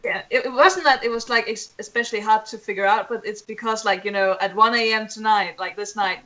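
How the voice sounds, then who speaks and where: A woman guest on a livestream, talking casually in a hesitant, halting way. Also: medium pitch, pushed and bright, muffled recording. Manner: hesitant, halting, laughs easily.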